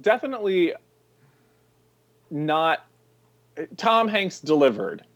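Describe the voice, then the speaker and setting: A man co-hosting a podcast, retelling film scenes in a lively way and laughing often. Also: high voice, slow pace. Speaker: podcast co-host. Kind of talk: casual chat about a film.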